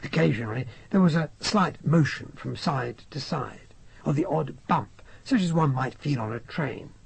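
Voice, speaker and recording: Raspy, gravelly male audiobook narrator. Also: on the high side. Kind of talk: first-person audiobook narration.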